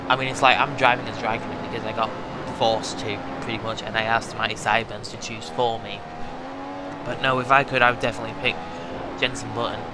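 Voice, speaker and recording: A man's voice: medium pitch, level tone, fairly quick, very noisy. A man chatting casually as he commentates his racing gameplay, full of fillers and asides. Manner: rambling, filler-heavy chatter. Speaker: gaming video host.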